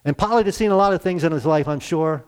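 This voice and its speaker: Earnest higher-voiced man preaching. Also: quick pace, clean tone. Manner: conversational, retells scripture with voiced quotes. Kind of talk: sermon.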